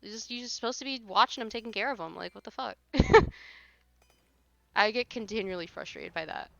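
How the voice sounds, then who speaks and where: A woman's voice: medium pitch, brisk, gravelly, a bit bright, dry recording, lo-fi sound. A woman livestreamer chatting casually while gaming, ranting in an exasperated, blunt way and swearing.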